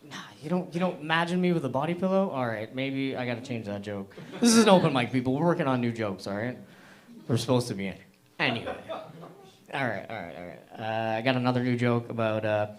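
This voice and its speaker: A young man performs stand-up on a club stage, rambling and self-deprecating. He talks loosely, with plenty of fillers along the way. His voice sits at an average pitch. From Hamilton, Canada. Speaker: open mic comedian. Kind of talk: stand-up set.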